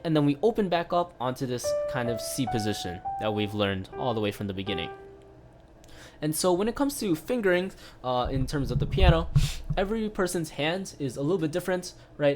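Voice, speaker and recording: This piano teacher's voice sits fairly high. He walks through an online lesson casually and step by step, with plenty of filler sounds and frequent "right?" checks.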